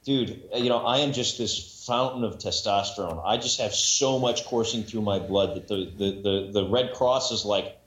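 A man's voice: fairly low pitch, moderate pace, few pauses, a bit bright. A man in casual podcast chat about narrating audiobooks, rambling with many restarts and self-mocking asides. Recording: echoey room, dull lo-fi sound.

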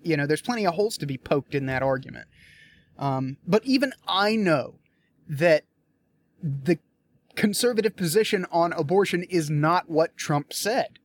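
A man's voice: a little high, expressive, moderate pace. A young man giving a casual political rant, blunt and profane, often restarting his sentences as he works through his frustration. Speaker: political commentator.

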